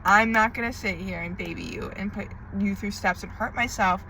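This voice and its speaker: A woman's voice: mid-range voice, moderate pace, noisy background. A woman tarot reader in an emotional diary-style monologue, venting with frequent swearing and emphatic repetition.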